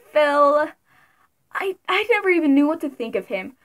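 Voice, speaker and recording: A young woman vlogging casually about her favorite creators, giggly and excitable, with sudden loud bursts. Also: high-pitched, unhurried, pauses often. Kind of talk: casual fan commentary.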